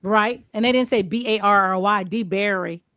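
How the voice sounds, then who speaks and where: A woman's voice: mid-range voice, fairly even intonation, brisk, crowd noise. A woman hosting a casual interview, chatty and playful, acting out quotes as she talks. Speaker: host.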